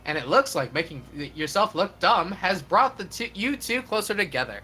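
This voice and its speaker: Streamer reading game narration out loud, bright voice, really animated delivery. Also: mid-range voice, normal speed.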